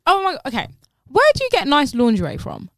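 A woman's voice: sits high, huge pitch swings, a little fast, fairly bright tone, dry recording. A young woman co-hosting a casual chat, giggly and chatty, slipping into playful voices.

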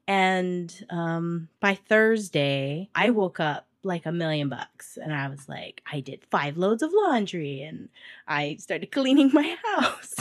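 A woman co-hosting a podcast in casual chat, telling stories in an animated, chatty way, slightly stuffy-nosed. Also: medium pitch, a little slow, no echo, clean studio sound. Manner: chatty, animated storytelling with laughs. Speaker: podcast co-host.

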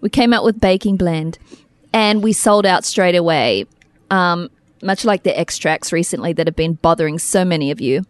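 A woman co-hosting a podcast in casual, animated chat, laughing often as she talks. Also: fairly low pitch, moderate pace, no echo. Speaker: podcast co-host. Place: small trailer studio.

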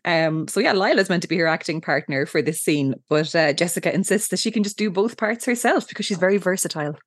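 A woman's voice: fairly low pitch, fast talker, no room sound, studio quality. A woman co-hosting a casual recap podcast, laughing often and acting out characters' lines. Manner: giggly, animated, acts out quotes. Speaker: podcast co-host.

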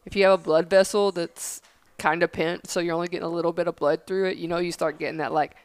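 A woman co-hosts a podcast and explains things in an earnest, chatty way. Her voice is smooth and clear. The sound is dry and close, with no room echo. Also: lowish voice, steady tone, quick pace. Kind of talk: casual chat.

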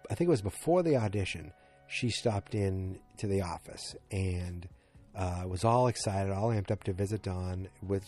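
A man's voice: low-pitched, warm tone. A man casually recapping a TV episode, rambling with lots of fillers and restarts.

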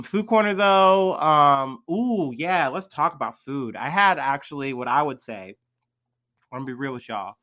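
A young man, a little drunk and high, talking in a loose, rambling vlog monologue full of fillers and slang. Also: sharp tone. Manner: laid-back, heavy on fillers and slang. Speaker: vlogger.

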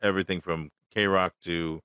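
A male podcast host chats in a relaxed, upbeat way. His voice is a touch low. The mic sound is dry and close. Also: normal speed, clean tone, no room sound. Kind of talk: casual podcast chat.

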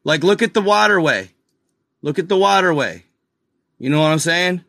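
A man casually talking viewers through old images in a video, excited and incredulous, calling them y'all. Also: fairly high pitch, normal speed, gravelly, dry recording, studio quality. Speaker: video host. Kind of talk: casual screen-share commentary.

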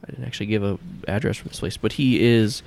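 A man's voice: on the low side, quick pace, vocal fry, a little mellow. A man narrating a tabletop game as game master, in a casual, loose way. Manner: casual, loose, filler-heavy.

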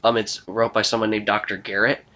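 A man's voice: fairly low pitch, fairly quick, lo-fi sound. A young man running a tabletop game as game master, rambling with lots of fillers. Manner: rambling, filler-heavy, relaxed. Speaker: game master and podcast host.

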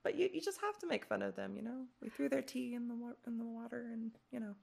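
Rambling, heavily gravelly woman host. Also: a little high, fast talker, a little mellow. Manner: loose, rambling, self-deprecating, curses casually. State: relaxed and a bit stoned. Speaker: podcast host. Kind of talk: casual podcast chat.

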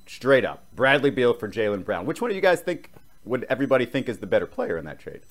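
A man's voice: medium pitch, big pitch swings, fast. A man co-hosting a casual basketball talk show, emphatic as he lays out scenarios. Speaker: sports podcast co-host. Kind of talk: casual sports debate.

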